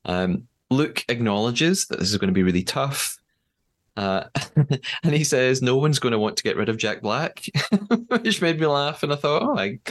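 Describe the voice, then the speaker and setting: A man's voice: mid-range voice, normal speed. A man with an English accent hosting a podcast, animatedly retelling events and acting out quotes. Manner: animated storytelling, acts out quotes. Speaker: podcast host. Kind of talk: casual recap chat.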